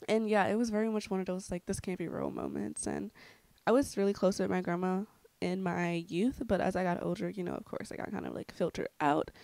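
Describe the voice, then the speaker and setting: A young woman rambles through a casual storytime, her voice carrying a gravelly fry. She peppers her talk with fillers and darkly joking asides. The sound is dry and close, with no room around it. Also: medium pitch, a little mellow, no room sound. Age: young adult. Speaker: vlogger.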